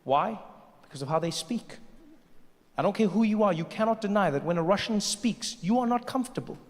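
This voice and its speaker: Animated stand-up comedian, man. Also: high voice, fairly quick, background noise. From Africa. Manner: animated, jumps into put-on voices. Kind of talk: stand-up storytelling. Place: large comedy venue. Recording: live comedy hall with long reverb.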